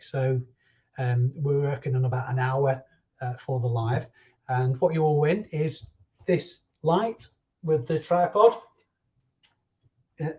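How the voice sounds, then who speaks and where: A man's voice: on the high side, a little mellow, dull audio. A man hosting a casual live stream, chatty and jokey as he reads out viewers' names. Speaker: reseller livestream host.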